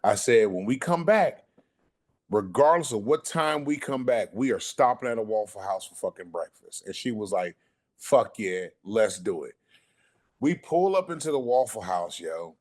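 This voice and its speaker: Animated, profane man telling a story. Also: lowish voice, moderate pace. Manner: animated, profane, acts out quotes. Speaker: podcast guest. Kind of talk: casual storytelling.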